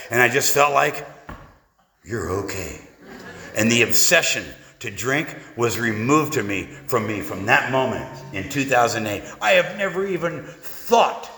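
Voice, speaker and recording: A man's voice: medium pitch, animated, normal speed, hardly any pauses, sharp tone. A man sharing his story at a recovery meeting, telling it as a punchy, profane comic tale to a live audience. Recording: echoey hall reverb.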